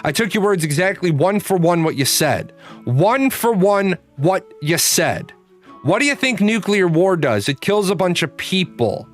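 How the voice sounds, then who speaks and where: A man's voice: high-pitched, lively intonation, a little slow. A man in his forties hosting a live stream, answering chat in a blunt, profane, rambling way. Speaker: streamer host. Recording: faint guitar music behind.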